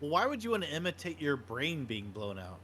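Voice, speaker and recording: A man's voice: a little high, very animated, fairly quick, a bit bright, slight background noise. A man co-hosting a podcast, chatting casually and joking with his co-host, slipping into celebrity impressions. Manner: jokey, does celebrity impressions. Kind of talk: casual banter.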